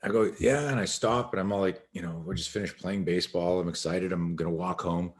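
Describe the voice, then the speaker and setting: Low-voiced man telling an animated story. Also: brisk. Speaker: podcast guest, self-defense instructor. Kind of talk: storytelling in a podcast interview.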